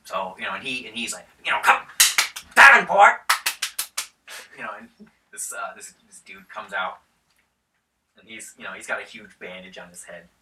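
A man's voice: deep voice, steady tone, a little fast, pushed and bright, a little hiss or hum. A man running a tabletop game as game master, narrating casually with laughs and loose, rambling asides. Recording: roomy sound from a distance.

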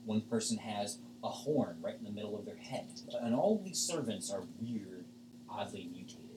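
A man's voice: on the low side, animated, normal speed, noisy background. A man narrating a tabletop game as game master, casual and rambling with many fillers. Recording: echoey room, far from mic.

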